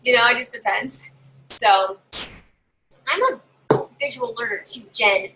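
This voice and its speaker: A woman giving chatty, animated tips as a direct sales consultant in a casual live video. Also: slow, noisy background. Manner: chatty, animated, acts out customers in higher voices.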